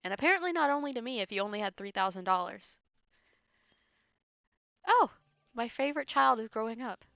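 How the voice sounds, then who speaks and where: A woman's voice: fairly high pitch, lively intonation, a little fast, vocal fry, pushed and bright, no room sound. A woman streamer giving casual gameplay commentary, laughing often and making sarcastic, teasing remarks. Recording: dull lo-fi stream audio with faint game music.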